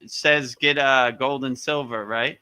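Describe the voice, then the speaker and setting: A man's voice: medium pitch, steady tone, slow pace, sharp tone, smooth, no room sound. A man hosting a live online Q&A, chatting casually, joking and laughing often, with frequent stammered restarts. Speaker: host of a live Q&A. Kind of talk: casual chat.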